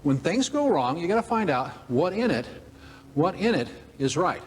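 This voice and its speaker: A man's voice: a little high, very animated, moderate pace, a little hiss or hum. A man giving a humorous motivational talk to an audience, telling folksy stories. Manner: folksy, joking, acts out characters. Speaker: motivational speaker. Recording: long hall reverb, faint ambience.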